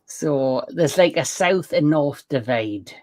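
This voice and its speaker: A man's voice: fairly high pitch, lively intonation, takes it slowly, darkish tone. A Geordie man hosts a casual live panel, chatty and blunt, telling stories at length in an easy, conversational way. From Newcastle, England. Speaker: livestream host.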